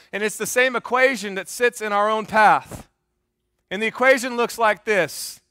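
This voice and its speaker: A man's voice: high voice, sharp tone, clean tone, no room sound, studio quality. A male pastor preaching a sermon in a joking, conversational way, often quizzing the congregation.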